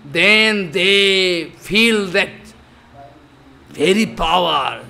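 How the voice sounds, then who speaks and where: A man's voice: high-pitched, very slow, creaky, bright, forceful tone. An older man giving a devotional discourse, chanting verses and explaining them with repeated emphatic phrases. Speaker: spiritual teacher.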